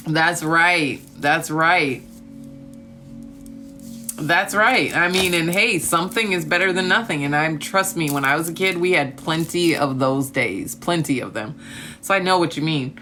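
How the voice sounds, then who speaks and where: A woman with a twang talks to her live-stream viewers into a phone, calling them honey and darling. Her voice is bright, and faint music plays behind her. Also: low-pitched, measured pace. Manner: spiritual talk of gratitude and trust.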